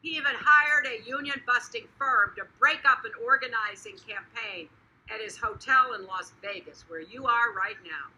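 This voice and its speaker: A woman's voice: fairly high pitch, moderate pace, sharp tone, poor audio. A woman giving a campaign speech in a rallying manner. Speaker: politician.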